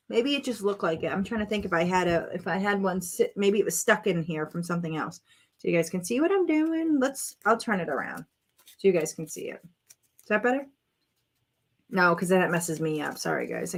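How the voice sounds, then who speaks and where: Woman doing a craft vlog at home, chatty, talks through every step, gets excited about colors. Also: medium pitch. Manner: chatty, self-narrating while working, exclaims over colors. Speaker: craft vlogger. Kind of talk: casual crafting chat to viewers.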